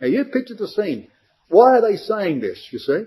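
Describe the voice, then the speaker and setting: A man's voice: high-pitched, big pitch swings, normal speed, dark tone, slightly rough, poor audio. A man giving a verse-by-verse Bible study to a congregation, emphatic and full of rhetorical questions.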